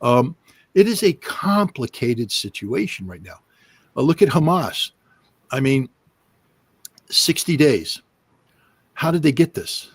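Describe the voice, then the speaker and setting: A husky middle-aged man holds forth on a livestream, punching his points with bursts of emphasis and sarcastic mimicry. His voice sits mid-range and sounds close and dry on the mic. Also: mid-range voice, very animated, slow, long pauses, dry recording. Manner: emphatic, mimics officials in quoted asides. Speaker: livestream guest commentator. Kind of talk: animated political commentary.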